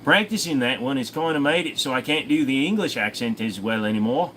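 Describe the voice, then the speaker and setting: A man's voice: mid-range voice, expressive, a little fast, fairly bright tone, slight background noise, low-quality recording. A man hosting a casual livestream Q&A, reading out viewer comments and answering them in an offhand, profane way. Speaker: host.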